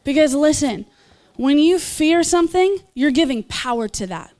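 High-voiced woman preaching an altar call. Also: animated, moderate pace, darkish tone. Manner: earnest, encouraging, with small laughs and asides. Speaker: preacher leading prayer ministry. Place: church gathering.

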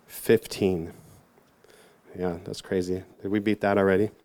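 A man's voice: low-pitched, little pitch movement, measured pace, darkish tone. A man giving a casual, rambling sermon to a youth group, full of fillers and self-mocking asides. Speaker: youth church speaker.

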